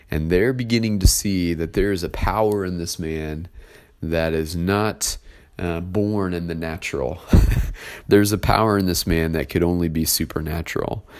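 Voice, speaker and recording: This pastor's sermon starts with him reading scripture and moves into explaining it. He speaks in a very low voice, taking his time in a conversational way, with lots of pauses and fillers.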